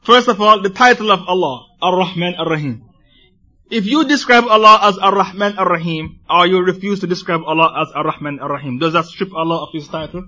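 A man preaching a sermon to a congregation in an animated way, firing rhetorical questions at his listeners. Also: high voice, brisk, lo-fi sound.

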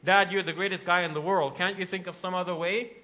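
A man acts out a young son begging his father to spare him, with a pleading tone. The voice is high and bright. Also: fairly even intonation, fast talker.

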